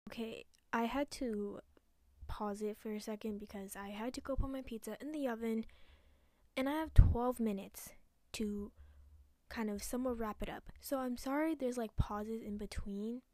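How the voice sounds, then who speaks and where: A young woman hosting a solo podcast, ranting angrily with lots of swearing and some hushed, whispered asides, recorded at home. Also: a little high, moderate pace, no echo. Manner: angry, profane, dips into hushed asides. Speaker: podcast host. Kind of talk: casual solo podcast rant.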